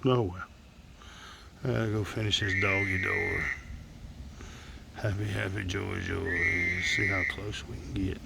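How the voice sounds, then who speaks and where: Gravelly man muttering outdoors at night. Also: low voice, steady tone, a little slow, long pauses, heavy background noise. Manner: musing aloud, muttering to himself, drops to whispers. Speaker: vlogger. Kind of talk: casual narration while filming.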